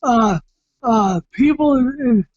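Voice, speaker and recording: Middle-aged man, ex-boxer guest: loud, excitable, unhurried, dry close sound. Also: very high voice, no echo, dull audio. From Massachusetts. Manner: loud, excitable, often shouting, with frequent restarts and repeats. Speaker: retired heavyweight boxer, guest. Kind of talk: casual storytelling interview.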